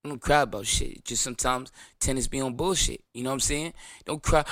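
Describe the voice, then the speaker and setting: A man's voice: mid-range voice, fairly quick, a bit bright, dry recording, clean studio sound. A man with a New York accent hosting his own show, delivering a brash, profane, defiant rant and mocking his critics in whiny voices. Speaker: show host. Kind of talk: ranting monologue.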